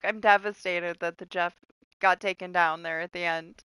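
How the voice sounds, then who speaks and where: A woman's voice: mid-range voice, moderate pace, pushed and bright, smooth, no room sound. A woman chatting casually on a live game stream, swearing often and laughing. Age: adult.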